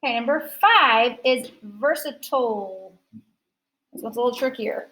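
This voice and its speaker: A woman teaching a phonics lesson to a class, sounding out word parts slowly and carefully. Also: a little high, bright, forceful tone, poor audio.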